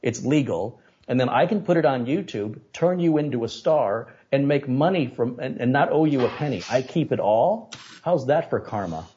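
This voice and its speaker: A man being interviewed on a podcast, telling stories and making animated, opinionated points. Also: medium pitch, moderate pace, few pauses, lo-fi sound. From United States. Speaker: guest, tech video maker.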